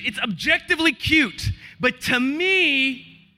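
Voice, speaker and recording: A male pastor in his thirties preaching a sermon in a large church, moving from hushed confession to loud, emotional peaks. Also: medium pitch, normal speed. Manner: impassioned, swings from hushed to shouting. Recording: long church hall reverb.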